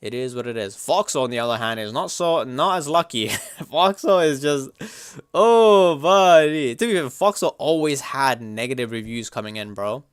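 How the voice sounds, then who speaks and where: A young man livestreaming, chatting casually and reacting to chat in a slangy, animated way. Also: medium pitch, moderate pace, clear, resonant tone, dry recording, clean studio sound.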